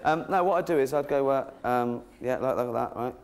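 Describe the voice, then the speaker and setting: Cheeky stand-up comic, middle-aged, giggly asides, noisy live stage recording. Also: male voice, mid-range voice, fairly quick, creaky. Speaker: stand-up comedian. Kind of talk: stand-up comedy routine. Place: comedy stage before an audience.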